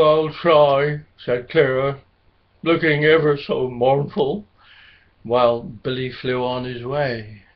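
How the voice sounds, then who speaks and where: Slow, gentle male storyteller. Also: medium pitch. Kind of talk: children's storybook narration. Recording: dull lo-fi recording.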